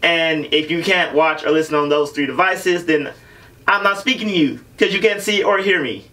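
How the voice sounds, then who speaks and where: A man's voice: a little high, moderate pace, sharp tone, far from the mic. Joking man hosting a podcast. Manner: joking, riffing banter. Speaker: podcast host. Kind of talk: casual podcast chat.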